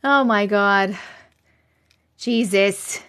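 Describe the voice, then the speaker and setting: A woman's voice: medium pitch, drawn-out words, fairly bright tone. A woman in her thirties hosting a casual live stream, bubbly and chatty, thanking viewers and reading comments aloud. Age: 30s.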